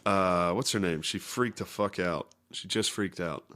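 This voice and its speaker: A man's voice: low-pitched, unhurried, sharp tone. A man co-hosting a comedy podcast, chatting crudely and laughing while doing mocking voices. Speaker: podcast co-host. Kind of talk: casual comedy podcast banter.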